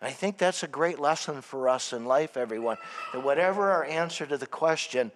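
High-voiced pastor preaching in a reverberant church. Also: male voice, fairly quick, slight background noise. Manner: asks the congregation questions, rising and falling emphasis. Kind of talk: sermon.

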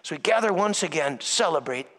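A man, a priest, giving a slow, emphatic sermon full of rhetorical questions in a church. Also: a little high, expressive, fairly bright tone, in a large hall.

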